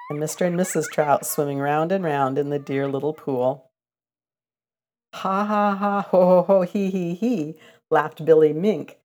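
An older woman reading a children's storybook aloud, gentle and expressive with a sing-song lilt. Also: low voice.

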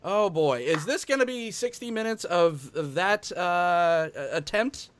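A man hosting a casual card-game show, joking and halting with fillers and restarts. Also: high-pitched, lively intonation, clear, resonant tone. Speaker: podcast host.

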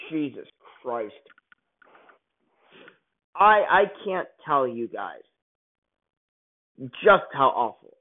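A man angrily ranting through a movie review, swearing often and bursting out loudly now and then. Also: on the high side. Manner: angry, profane ranting with sudden loud outbursts. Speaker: film reviewer. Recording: tinny phone-like sound.

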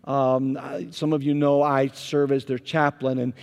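A man, a pastor, preaching a sermon as an animated storyteller whose volume rises and falls. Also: medium pitch, measured pace, clear, resonant tone. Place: church sanctuary. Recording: long reverb of a large hall.

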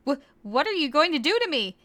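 A woman's voice: high voice, very animated, fast talker, bright, forceful tone, no room sound, voice pushed up, full character voice. A woman voicing a helpless, weepy young captive girl in a comic fan-fiction reading. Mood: frightened. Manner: whimpering, pleading.

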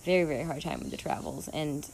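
A woman's voice: sits low, big pitch swings, fast talker, gravelly, a little mellow, slight background noise. Emotional woman rambling on her podcast. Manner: emotional, rambling, many restarts and fillers. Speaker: podcast host. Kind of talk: casual personal podcast monologue.

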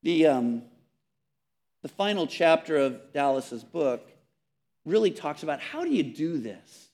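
Earnest male preacher, slightly high voice. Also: sing-song, unhurried. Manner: earnest, emphatic, with repeated words and soft drops on key phrases. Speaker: pastor. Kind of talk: sermon.

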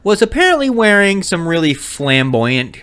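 A young adult man co-hosting a podcast, telling crude stories loudly and breaking into yelled impressions. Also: sits high, moderate pace, clear, resonant tone. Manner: loud, animated storytelling with yelled impressions. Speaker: podcast co-host. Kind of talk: casual crude chat.

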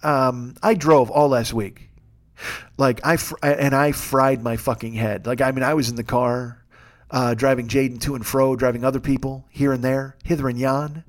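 A man's voice: mid-range voice, fairly even intonation, normal speed. A man hosting his own show in a casual comic monologue, rambling and profane with a wry tone. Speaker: podcast host.

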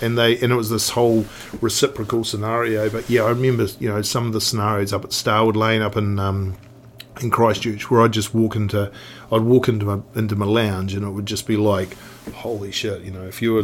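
A man's voice: lowish voice, little pitch movement, a little fast, a bit bright, slight background noise. A middle-aged man with a New Zealand accent, a guest telling stories in a casual podcast chat, rambling with lots of restarts and fillers. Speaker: guest, snowboard industry veteran.

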